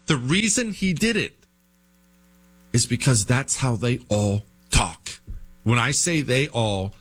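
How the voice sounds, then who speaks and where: A man's voice: medium pitch, expressive, slow pace, fairly bright tone, breathy edge. A man hosting a political talk show, delivering a combative, sarcastic monologue and hammering his points home with repetition.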